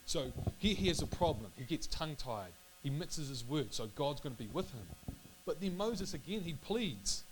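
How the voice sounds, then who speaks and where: A man's voice: medium pitch, expressive, low-quality recording. A man casually reading and reflecting on Bible passages, stumbling over words and correcting himself as he goes. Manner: halting, self-correcting, apologetic. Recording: faint electrical hum and hiss.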